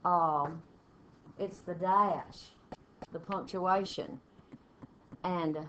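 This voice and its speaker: A woman English teacher, walking a class through test punctuation questions step by step and reading example sentences aloud with pauses. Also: on the low side, steady tone, a bit bright. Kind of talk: classroom test-prep lesson. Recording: dull lo-fi classroom recording with faint noise.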